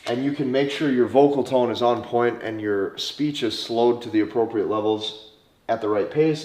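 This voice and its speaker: A man with a North Dakota accent, teaching in an emphatic way, repeating key phrases and checking in with "okay?". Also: medium pitch. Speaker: dating coach. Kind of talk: instructional talk to camera. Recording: echoey room.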